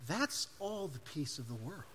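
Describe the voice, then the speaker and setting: A man preaching a sermon as pastor, emphatic, swinging between loud declarations and hushed asides. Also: fairly high pitch, big pitch swings, normal speed, a little hiss or hum.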